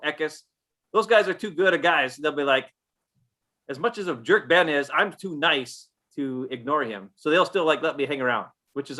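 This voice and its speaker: A man's voice: on the high side, bright, forceful tone. A man co-hosting a live podcast, telling rambling blunt stories in casual chat. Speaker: co-host.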